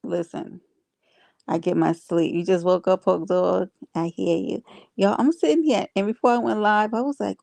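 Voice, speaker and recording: Gravelly low-voiced woman chatting on stream. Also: normal speed, warm tone, dry recording. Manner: chatty, talks to viewers and reads comments aloud. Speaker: livestream host. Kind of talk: casual livestream chat.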